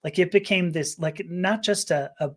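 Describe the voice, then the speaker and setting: A woman's voice: on the low side, normal speed. A woman guest on a podcast, telling a personal story candidly, often stammering, laughing and restarting her sentences.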